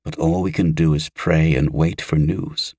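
A man voicing a middle-aged noble mother in an audiobook, speaking softly and gently. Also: a bass voice, steady tone, measured pace, husky, no echo, clean studio sound, full character voice. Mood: comforting. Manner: soft and hushed.

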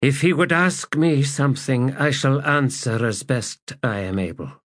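A man voicing a grieving woman of an ancient non-human race, speaking formally and softly in an audiobook. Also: mid-range voice, a little slow, no room sound, studio quality, voice pushed up, natural voice. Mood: solemn. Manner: formal, hesitant and soft.

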